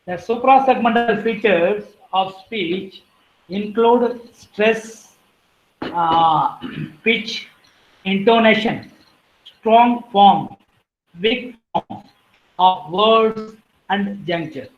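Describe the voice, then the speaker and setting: Female lecturer, measured and unhurried, reading out terms; roomy, muffled recording. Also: mid-range voice. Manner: deliberate, lists terms one by one, clears throat now and then. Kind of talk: academic lecture on phonetics.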